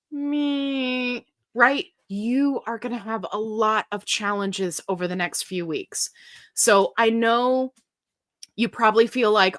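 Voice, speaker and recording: A middle-aged woman hosting a live stream, chatting casually as she reads viewer comments aloud and answers questions. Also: a little high. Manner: chatty and animated, reads comments aloud, breaks into silly sung bits.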